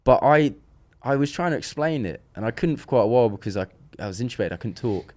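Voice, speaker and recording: A young man, a podcast guest, telling a long personal story in casual chat, animated and full of restarts. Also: medium pitch, quick pace.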